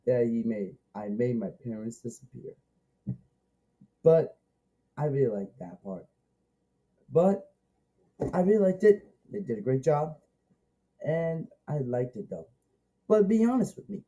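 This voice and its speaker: A man's voice: fairly high pitch, mellow, poor audio. A man giving a casual, rambling movie review, eager and repetitive, restarting his sentences often.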